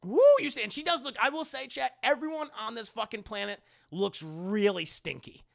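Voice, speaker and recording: Gravelly, high-voiced male streamer. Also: moderate pace, a bit bright. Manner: profane, chatty, talks to chat. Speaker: streamer reviewing a film. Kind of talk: casual live-stream commentary.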